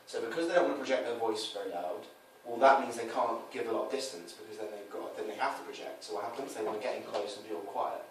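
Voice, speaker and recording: Speaking fast with few pauses, this dating coach has a lowish voice and an animated delivery. He explains his coaching approach in a casual way, acting out scenes by switching into changed voices for the quoted lines. There's roomy echo from a distant mic and a little faint noise.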